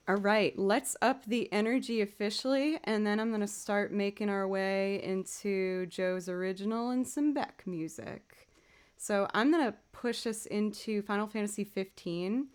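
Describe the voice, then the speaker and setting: A woman's voice: mid-range voice, darkish tone. A young woman, a musician livestreaming, chatting casually and greeting her viewers by name.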